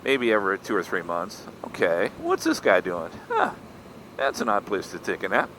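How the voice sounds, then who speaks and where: A man's voice: on the low side, huge pitch swings, normal speed, a bit bright. A middle-aged man talks to his helmet mic while riding through town. His voice swoops far up and down as he rambles and pokes fun at himself. Faint traffic hum sits behind him. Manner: chatty, self-mocking, wanders off topic. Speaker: motorcycle vlogger. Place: outdoors on a motorcycle in traffic. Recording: faint road and traffic noise.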